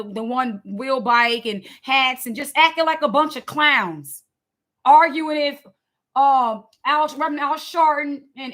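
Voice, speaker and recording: High bright-voiced woman giving fiery commentary. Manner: emphatic, preachy, repeats words. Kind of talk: impassioned commentary.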